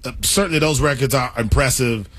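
Husky-voiced man arguing sports. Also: medium pitch, brisk, fairly bright tone. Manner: opinionated, argumentative. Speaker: sports radio co-host. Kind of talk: casual sports talk.

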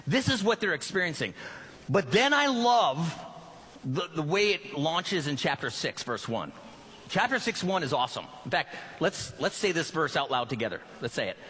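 A high, lively man's voice preaching a sermon and slipping into the voices of the biblical figures he reads about. His tone is bright and slightly husky. The sound rings with the long reverb of a church hall. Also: normal speed. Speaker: pastor. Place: church sanctuary.

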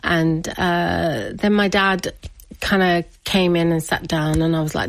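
A woman's voice: lowish voice, a little slow, gravelly, no echo. A woman, a guest in an interview, telling a personal family story with lots of laughter. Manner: animated, laughs often, acts out family members' voices.

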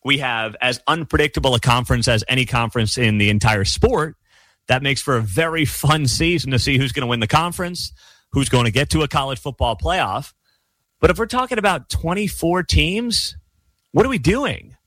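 A man's voice: medium pitch, normal speed, a bit bright, no echo. A man hosting his own sports commentary show, ranting emphatically with a sarcastic edge. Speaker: sports talk host. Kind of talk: opinionated solo commentary.

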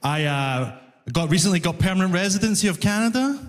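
A man with a Glaswegian Scottish accent doing a stand-up comedy set, animated and self-mocking. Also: high-pitched, brisk. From Scotland. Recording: live comedy hall with audience noise.

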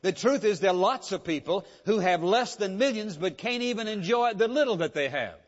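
Emphatic preacher in a reverberant hall. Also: male voice, sits high, expressive, fairly quick. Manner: emphatic, repetitive preaching cadence. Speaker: pastor. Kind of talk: sermon. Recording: muffled recording with long hall reverb.

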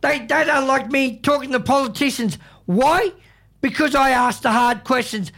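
An Australian man hosting a community radio show, talking in a halting way with lots of fillers and restarts, and full of strong opinions. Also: very high voice, vocal fry, fairly bright tone. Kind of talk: casual radio chat.

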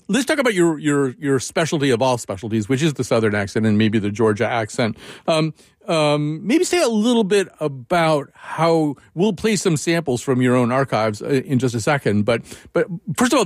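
An older man hosting a radio interview, talking in a conversational, animated way with frequent restarts. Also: medium pitch, no room sound, clean studio sound. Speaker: radio show host.

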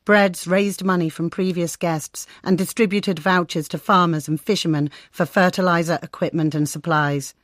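A woman correspondent narrating a scripted radio report in a measured, descriptive way. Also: fairly low pitch, fairly even intonation, dry recording, studio quality. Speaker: foreign correspondent.

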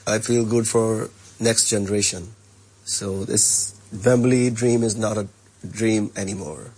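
Husky man with a Punjabi accent. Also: fairly low pitch, steady tone, a little mellow. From Punjab, India. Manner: halting, humble, with many pauses and fillers. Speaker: music star interviewee. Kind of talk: short backstage interview.

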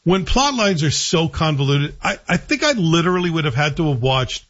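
A man's voice: fairly high pitch, animated, brisk, a bit bright. A man giving a chatty, wry TV review in a casual, frank way. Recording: dull lo-fi recording.

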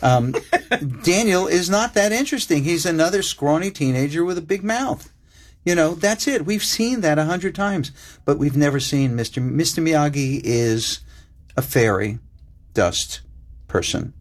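An older man speaking as an interview guest, earnest and reflective, building lists and slowing down for emphasis. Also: on the high side, expressive.

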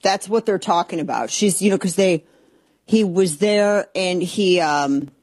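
Brief: female talk radio host, fairly low voice, exasperated and mocking, close and dry. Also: a little slow, a little mellow, dry recording. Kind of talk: opinionated talk radio monologue. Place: radio studio, simulcast.

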